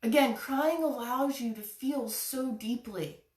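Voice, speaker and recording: Woman, earnest live-stream talk, encouraging, voice somewhat high, a bit off-mic. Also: slow pace, recorded from a distance. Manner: earnest, encouraging, addresses viewers directly. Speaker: chakra challenge host. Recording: echoey room, away from the mic.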